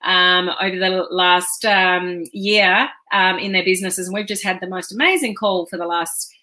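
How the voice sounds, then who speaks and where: A woman's voice: lowish voice, steady tone, moderate pace, sharp tone. A woman business coach hosting a casual live stream, talking in a chatty, rambling way with frequent ums.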